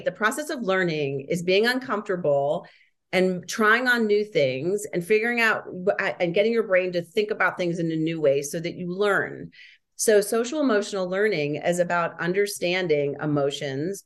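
Woman, interview guest, lowish pitch, emphatic, explanatory, speeds up and slows down. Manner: emphatic and explanatory, quick bursts between slower stresses. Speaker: interview guest speaking on schools and parenting. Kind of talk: conversational interview answers.

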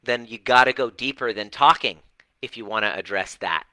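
A fired-up man speaking to his online group with a very bright, sharp edge to his voice. He talks bluntly and dramatically, dropping swear words for emphasis. The sound is dry and close, with almost no room echo. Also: medium pitch, moderate pace. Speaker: relationship and healing coach. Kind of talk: livestream talk to an online group.

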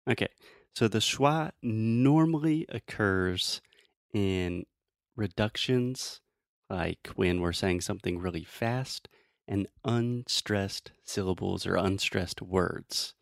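A man teaching English pronunciation in a casual, playful way, explaining slowly with many examples. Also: fairly low pitch, gravelly, no echo, studio quality.

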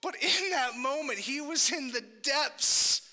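Young male pastor, bright echoing sermon. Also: extremely high pitch, takes it slowly. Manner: casual, conversational preaching with frequent asides. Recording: long hall reverb.

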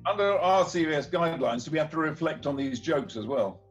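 A man's voice: fairly high pitch, expressive, fairly quick, dull audio, faint music behind. A man in a podcast chat, wry and teasing. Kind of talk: casual chat.

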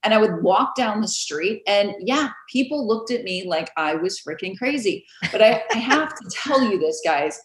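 A woman realtor telling stories in a casual interview, animated and quick to laugh, acting out the voices of others. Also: mid-range voice, noisy background. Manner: animated storyteller, acts out quoted voices, laughs often. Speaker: realtor guest. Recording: roomy echo.

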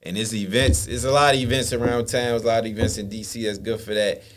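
A young man hosts a casual podcast, his voice sitting low. He talks loosely in slang and laughs often. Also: steady tone, fast talker. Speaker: podcast host. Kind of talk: casual chat.

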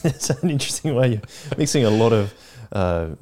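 A man's voice: medium pitch, expressive, fairly quick, warm tone. A man, co-hosting a casual podcast chat in an easygoing way, asking questions and laughing often. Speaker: podcast co-host.

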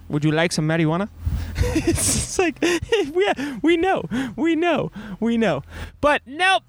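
A young man with a fairly high voice tells travel stories on his podcast, animated and quick to laugh at himself. He is recording on a sailboat at sea. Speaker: podcast host. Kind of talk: casual storytelling monologue.

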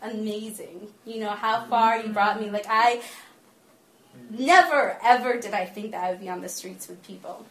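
A woman giving a sermon to a small group, mixing lively personal stories with earnest teaching. She laughs often as she talks. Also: mid-range voice. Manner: slows down and softens for earnest teaching. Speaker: speaker giving a talk to a small gathering. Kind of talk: sermon mixed with personal storytelling. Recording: roomy echo with faint background ambience.

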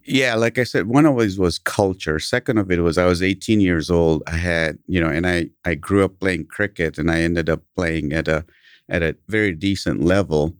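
A very deep-voiced man from Kenya speaks with a British accent, recorded in a dry, close setting. He is a company founder telling stories in a casual podcast interview. His delivery is animated, with chuckles slipped between anecdotes. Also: normal speed, clean tone, dry recording.

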